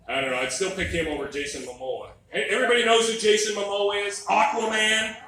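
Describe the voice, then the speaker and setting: A middle-aged man doing a stand-up comedy set in a club, wry and animated, teasing the crowd. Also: fairly high pitch, a little fast, a little hiss or hum. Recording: live club mic, echoey room, distant.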